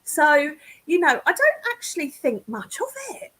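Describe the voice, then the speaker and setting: A woman's voice: high-pitched, big pitch swings, normal speed, bright, forceful tone. A woman from England, a guest psychic medium chatting casually over a video call, laughing often and self-deprecating.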